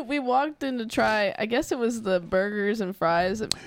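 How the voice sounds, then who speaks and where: A woman's voice: on the high side, a little slow, slight background noise. A woman telling stories in casual podcast chat, laughing as she goes. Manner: giggly storyteller, laughs through her stories.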